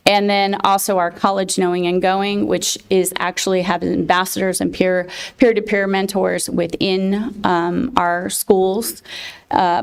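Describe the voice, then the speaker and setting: A woman presenting her college access programs to a county board, speaking with many fillers and pauses. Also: on the low side, clear, resonant tone. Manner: halting, many fillers, emotional thanks. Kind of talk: public presentation at a board meeting.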